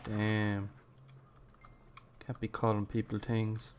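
A young man streaming a game, chatting casually with a friend, swearing and joking, jumping from loud outbursts to low mumbles. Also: monotone, takes it slowly, slight background noise. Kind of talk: casual gaming chat.

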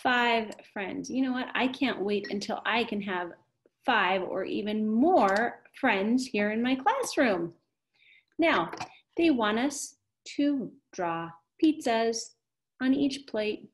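A woman's voice: a little high, expressive, takes it slowly. A woman teaching a kindergarten math video lesson, cheerful and encouraging, with an exaggerated voice for young children.

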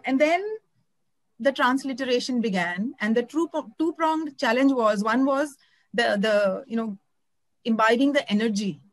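An Indian woman with a high-pitched voice talks expressively and conversationally about translating a novel, often searching for words and starting over. The recording is rough, with no room sound.

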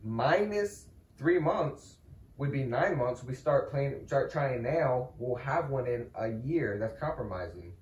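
A man's voice: mid-range voice, lively intonation, measured pace. A young man playfully and insistently teasing his wife in a casual prank video. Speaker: prankster husband. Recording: echoey room, mic at a distance.

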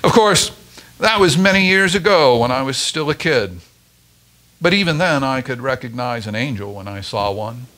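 Expressive male storyteller. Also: mid-range voice, normal speed. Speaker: story reader at a church Advent service. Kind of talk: scripted story reading.

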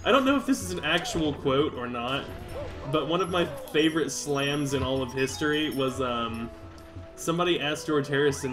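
A jokey let's play host with a fairly high, animated voice who talks in an unhurried way and laughs often. Video game music plays clearly behind him. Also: male voice. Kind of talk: casual gaming commentary.

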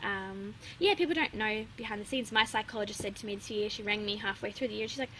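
Chatty woman with a bright voice. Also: medium pitch, quick pace, slight background noise, low-quality recording. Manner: open, chatty, laughs often, many fillers. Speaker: guest. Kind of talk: casual interview chat.

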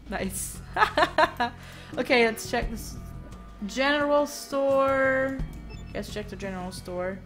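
A woman streaming a game live, chatting and reacting out loud as she plays, at a home desk mic. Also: sits high, expressive, slow pace, soft background music.

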